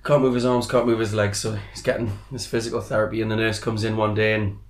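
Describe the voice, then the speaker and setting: Echoey joke-telling man, mid pitch. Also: quick pace. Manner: animated joke teller who laughs at his own punchlines. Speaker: podcast co-host. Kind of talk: casual chat, telling jokes.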